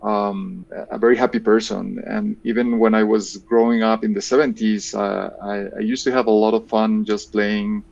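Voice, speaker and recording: Colombian man, gravelly low voice, muffled. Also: level tone, normal speed, few pauses, darkish tone. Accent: Colombian Spanish. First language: Spanish. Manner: hesitant, repeats words while thinking. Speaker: guest, engineering professor. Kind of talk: interview answers.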